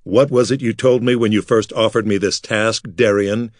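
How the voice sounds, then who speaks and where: A man's voice: on the low side, steady tone, moderate pace, no echo, studio quality, close to an everyday voice. A man voicing an angry half-orc warrior who talks in a fierce, bitter, spitting way. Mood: fierce anger.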